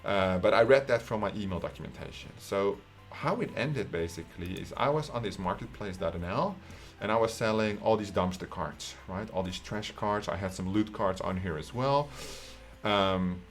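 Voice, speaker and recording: A man's voice: lowish voice, normal speed, soft background music. A Dutch man in his twenties with a Dutch accent, telling a personal story in a casual, profane way and often tagging his sentences with "right?". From Netherlands. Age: 20s. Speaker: online coach.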